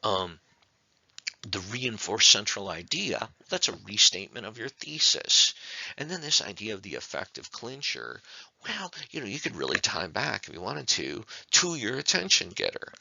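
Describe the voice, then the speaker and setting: A man's voice: fairly low pitch, sing-song, normal speed, gravelly, bright, forceful tone, dry recording, lo-fi sound. A man teaching a speech class in a recorded online lecture, conversational and full of rhetorical questions. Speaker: speech instructor.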